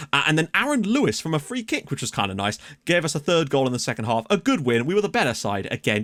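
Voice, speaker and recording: A man's voice: medium pitch, fairly bright tone, dry recording, studio quality. A man giving chatty, enthusiastic commentary on a football management game, rambling through asides. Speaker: gaming YouTuber. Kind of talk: let's play commentary.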